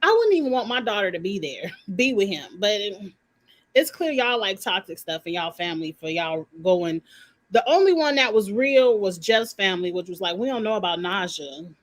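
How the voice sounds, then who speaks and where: A woman's voice: medium pitch, very animated, moderate pace. A woman giving her blunt, opinionated take on a reality show in casual live commentary. She uses slang, swears, and talks straight to her viewers.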